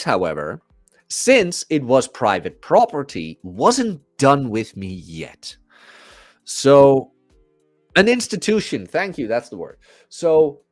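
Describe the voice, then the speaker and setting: With no room sound around him, a young podcast host speaks in a mid-range voice, spinning a casual story. He's an animated storyteller who performs the quoted voices of each person involved.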